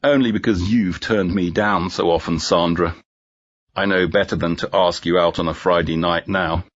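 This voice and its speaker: A man voicing a persistent, joking male police inspector in a storybook reading, brisk and businesslike, on a dull lo-fi recording. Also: low voice, steady tone.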